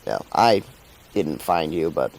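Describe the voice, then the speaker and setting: Man plays a proud, motherly mentor woman with a gentle, reflective, lively voice. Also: rumbling low, slow pace, creaky, pitched below the performer's own voice, exaggerated voice, low-quality recording. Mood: fond.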